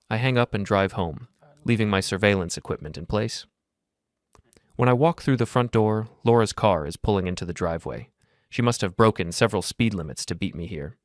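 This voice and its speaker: Calm, low-voiced male story narrator. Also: no echo, clean studio sound. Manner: calm, measured, coolly detached. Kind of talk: first-person story narration.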